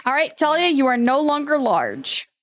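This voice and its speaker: A woman running a tabletop game online, relaxed, chatty and quick to laugh. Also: sits high. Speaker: game master.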